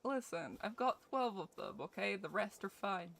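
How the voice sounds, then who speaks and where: A woman's voice: mid-range voice, sing-song, normal speed, creaky, fairly bright tone. A young Scottish woman streaming a game, joking and swearing as she chats with her viewers. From Scotland. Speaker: gaming streamer. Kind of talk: casual game commentary with chat.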